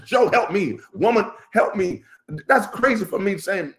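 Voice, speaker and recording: A middle-aged man talking in a casual podcast chat, animated and laughing often as he tells a story. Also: unhurried. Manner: animated, laughs often, jumps high when excited. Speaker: podcast guest.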